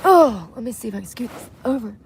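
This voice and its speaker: Girl vlogging from her car, chatty, goes quiet and mumbly, bit of background noise. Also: fairly high pitch, animated, fast. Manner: chatty, drops to soft mutters and whispers. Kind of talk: casual vlog talk to camera. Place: inside a vehicle bed at night.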